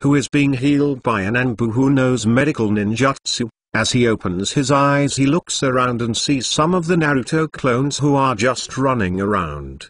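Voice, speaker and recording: A synthetic male voice reading a fan story aloud in a flat manner, sometimes speaking punctuation as words. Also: mid-range voice, moderate pace, few pauses. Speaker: narrator. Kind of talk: text-to-speech story reading.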